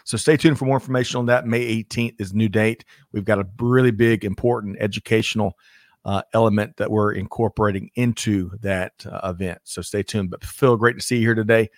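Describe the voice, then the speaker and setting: Co-hosting a business livestream, a man greets viewers by reading out their names, full of energetic, jokey, upbeat banter. His voice is on the low side and fairly quick, captured in studio quality with no room sound.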